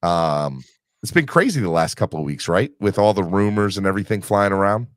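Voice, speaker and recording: A man's voice: low-pitched, animated, brisk, no room sound. A man hosting a casual sports podcast, rambling with restarts while recovering from an illness. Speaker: podcast host.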